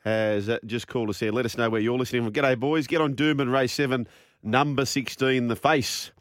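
A man's voice: mid-range voice, fairly even intonation, no room sound, studio quality. A man with an Australian accent hosting a sports radio show, breezy, giving tips and wrapping up segments. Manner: breezy, quick wrap-ups and tips. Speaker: radio host.

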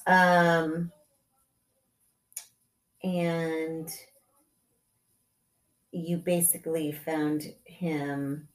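Woman podcast host, slow and calm, lower voice, echoey room. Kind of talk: casual podcast chat.

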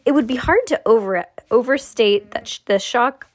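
A woman's voice: on the high side, lively intonation, brisk. Woman reading a novel aloud at home. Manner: reads with asides, restarts and laughs. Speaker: parent reading aloud to a child. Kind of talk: casual read-aloud of a novel.

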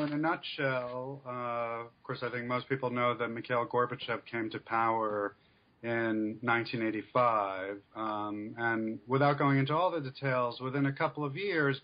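A man being interviewed as an author, who explains things in a measured way with many fillers. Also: mid-range voice, lo-fi sound. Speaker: author and scholar guest. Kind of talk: academic interview.

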